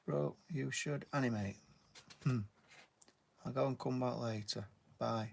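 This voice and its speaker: This man's voice is medium in pitch, creaky and measured in pace. He's a British artist live-streaming, talking chattily through a drawing tutorial, thanking viewers by name and dropping in "mate."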